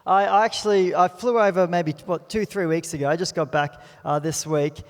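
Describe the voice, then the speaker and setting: Young Australian male pastor, chatty storyteller, raised pitch, big-hall echo. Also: fairly even intonation, moderate pace. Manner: chatty storytelling with self-deprecating asides. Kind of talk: sermon. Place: church auditorium. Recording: long hall reverb.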